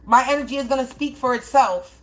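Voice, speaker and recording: Fairly high-voiced woman hosting her own live stream, swearing and rambling at her critics. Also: quick pace. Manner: profane, confrontational, rambling. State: dry mouth while smoking. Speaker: spiritual reader streaming live. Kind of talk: ranting live-stream monologue.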